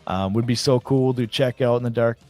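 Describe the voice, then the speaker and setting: A married man hosting a casual live stream, chatting excitedly and reacting to viewer comments. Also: mid-range voice, brisk, no room sound, soft background music. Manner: excited, chatty, reads chat aloud.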